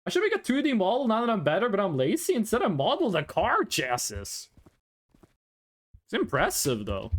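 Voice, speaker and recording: A man's voice: high-pitched, wildly swooping pitch, fairly quick, fairly bright tone. A man rambling playfully while streaming a driving game, joking and humming tunes. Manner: playful, rambling, sings snatches of songs. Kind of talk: casual live-stream gameplay chat.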